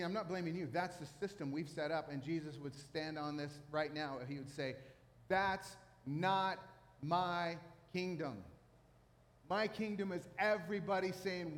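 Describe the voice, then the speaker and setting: A male pastor delivers a sermon from a church stage, his voice sitting a little high. He tells stories with lively, self-deprecating humor. The sound rings with the long reverb of a large hall. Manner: storytelling, animated, self-mocking humor.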